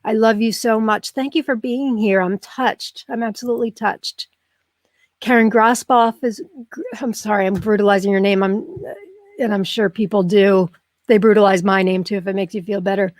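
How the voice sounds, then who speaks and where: Speaking a little fast in a mid-range voice with fairly even intonation, a middle-aged woman hosts a live online show. Warm, effusive and emotional, she chats casually with viewers and says um a lot. The sound is studio quality with no room noise.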